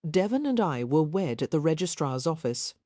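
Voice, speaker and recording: A woman's voice: deep voice, very animated, moderate pace, warm tone, dry recording, studio quality. A woman voicing a reserved, earnest young Victorian woman in an audiobook, speaking in a composed, earnest way.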